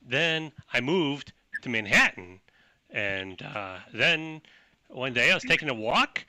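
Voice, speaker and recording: A man voicing a brassy 1920s bartender woman from New York, with a high-pitched, nasal New York accent. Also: bright, forceful tone, a little hiss or hum, full character voice.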